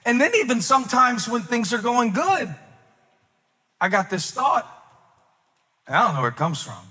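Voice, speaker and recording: A male pastor with a high, light voice delivers an impassioned sermon, rising into loud sing-song cries and then dropping to quiet, low asides. His words ring out with a long reverb that fills a large hall. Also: big pitch swings, moderate pace.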